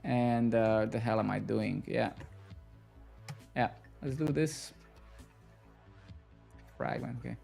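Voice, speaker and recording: A man with a gravelly, creaky voice talks to himself while he codes on a live stream. He mutters through each step and curses at the code when it fails. Faint music plays under his voice. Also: medium pitch, slow, pauses often, mellow. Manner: muttering to himself, swearing in frustration. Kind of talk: live coding stream, thinking aloud.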